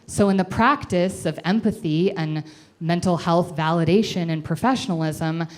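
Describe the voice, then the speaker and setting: A woman in her twenties telling a self-deprecating comic story to a live audience, animated and chatty. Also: fairly low pitch, normal speed.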